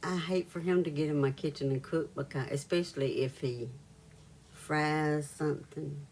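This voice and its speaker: A woman's voice: deep voice, fairly even intonation, normal speed, a little mellow, a little hiss or hum. A woman hosting a reiki live stream, telling a story in a casual chat with viewers, laughing often and greeting them by name.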